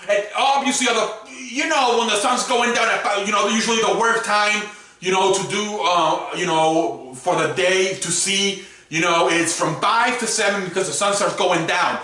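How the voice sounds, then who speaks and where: A man's voice: high-pitched, pushed and bright. A young man ranting in a profane, repetitive, exasperated way as a YouTube sports commentator. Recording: very echoey room, far from mic.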